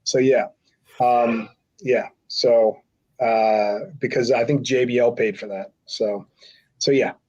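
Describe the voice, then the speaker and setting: A man's voice: mid-range voice, steady tone, takes it slowly, a little mellow. Rambling middle-aged man telling a story. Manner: rambling, acts out quotes with voices. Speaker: podcast guest, former wrestler. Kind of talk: casual storytelling. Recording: slightly dull lo-fi audio.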